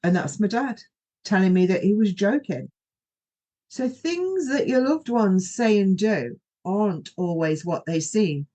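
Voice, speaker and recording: A woman's voice: medium pitch, lively intonation, a little slow, mellow. A middle-aged woman, hosting a podcast and telling a personal story in a rambling, anecdotal way, often quoting herself. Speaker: podcast host.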